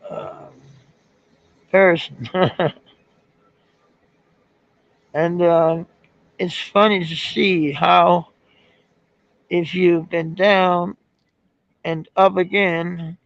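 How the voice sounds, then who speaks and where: A man from Denmark chatting casually and rambling on a livestream, swearing now and then and filling pauses with ums. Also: high-pitched, steady tone, gravelly, a bit bright, no echo. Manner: rambling, laid-back, swears casually, many fillers. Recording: dull lo-fi stream audio.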